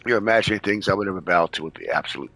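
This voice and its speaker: A man's voice: low voice, very fast, gravelly, fairly bright tone, slight background noise, rough recording. A man hosting a casual gameplay video, reading dialogue choices aloud and musing to himself. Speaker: host of the show.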